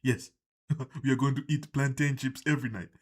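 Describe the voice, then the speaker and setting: A man's voice: medium pitch, fairly even intonation, moderate pace, slightly rough, close to an everyday voice. A man putting on the voice of a grandiose, self-important male wrestler who declaims every line with pompous weight. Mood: boastful.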